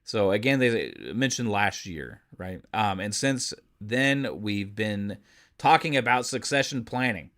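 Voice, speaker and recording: A man with a low-pitched voice hosts a podcast in a casual, conversational way. He thinks aloud as he goes through the news. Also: lively intonation, measured pace, a bit bright. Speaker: podcast host.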